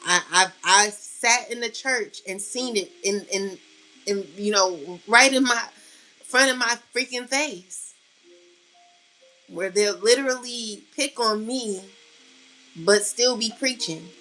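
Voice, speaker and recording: A woman's voice: medium pitch, slow pace, sharp tone, soft background music, low-quality recording. A woman tarot reader speaking to her viewers in a passionate, blunt monologue, swearing freely and close to tears. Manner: passionate, blunt, swears freely, calls listeners "collective" and "baby". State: near tears. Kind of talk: emotional spiritual monologue to viewers.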